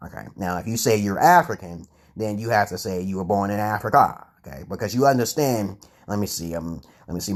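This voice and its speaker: A man's voice: lowish voice, darkish tone. A man from the United States hosting a casual vlog, rambling and argumentative, stumbling over words, tagging points with "okay?" and swearing freely. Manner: curses freely and restarts words often. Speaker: channel host answering chat comments.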